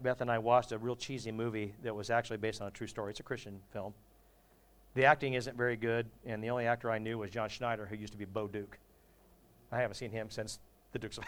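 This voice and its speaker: A man's voice: mid-range voice, a bit bright. A male pastor preaching a sermon in a humorous, conversational way, often asking the congregation questions.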